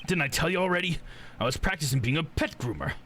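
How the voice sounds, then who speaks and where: A man's voice: a little high, lively intonation, fast talker, fairly bright tone, a little hiss or hum, voice pushed up. A man voicing a defensive male prisoner suspect who stammers through indignant denials. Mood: defiant.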